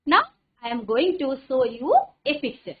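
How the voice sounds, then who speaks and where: A woman's voice: sits high, expressive. A woman headmistress with an Indian English accent, teaching an online English class in an encouraging way and repeating her phrases. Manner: encouraging, repeats phrases, recites tongue twisters fast. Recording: narrow phone-like sound.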